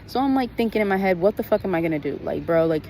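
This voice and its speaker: A woman's voice: medium pitch, lively intonation, fast talker, warm tone, a little hiss or hum, poor audio. Blunt, profane woman venting on a vlog. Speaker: vlogger. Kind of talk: casual vlog storytelling.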